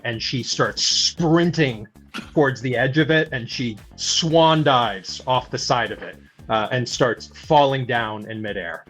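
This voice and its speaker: A man narrating a tabletop game as game master, with many halting filler sounds. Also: mid-range voice, fairly bright tone, faint music behind.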